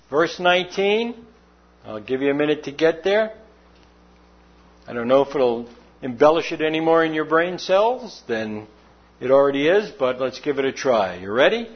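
A man preaching a conversational sermon, animated and jumping up in pitch for emphasis. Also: normal speed. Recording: dull lo-fi recording.

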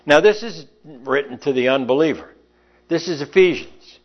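Folksy preacher with a lively voice. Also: male voice, on the high side, moderate pace, husky, muffled recording. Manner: folksy storytelling, emphatic. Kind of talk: sermon.

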